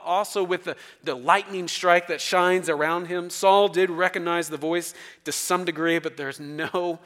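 A man preaching a sermon with emphatic delivery and dramatic swings between quiet and loud. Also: fairly high pitch. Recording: long reverb of a large hall.

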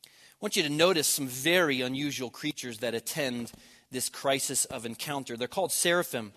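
A man preaching a sermon, swelling loud on key words and dropping to a near hush at the ends of phrases. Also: medium pitch, normal speed.

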